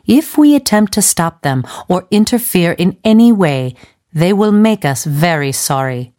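A woman's voice: fairly low pitch, lively intonation, measured pace, mellow. A woman voicing a stern, powerful male official who speaks with great emphasis.

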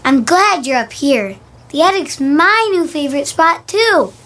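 A woman's voice: high voice, lively intonation, a little slow, a bit bright. A woman playing a blunt, matter-of-fact little boy in a radio drama. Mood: eager.

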